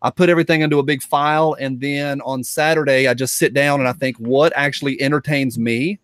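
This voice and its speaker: A man's voice: medium pitch, fairly even intonation, a little fast, fairly bright tone, no room sound, studio quality. A man with a Tennessee accent, a podcast guest chatting over a video call in a joking, drawling way.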